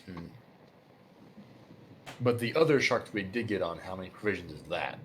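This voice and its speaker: A man's voice: deep voice, expressive, moderate pace, fairly bright tone, slight background noise. A man playing a tabletop game, who speaks bluntly. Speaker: player.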